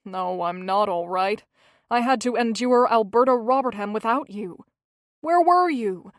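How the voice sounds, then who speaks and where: A woman voicing an earnest, quiet young male dentist who speaks sincerely and gently in an audiobook. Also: on the high side, lively intonation, moderate pace, no echo, studio quality, close to an everyday voice. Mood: playfully dramatic.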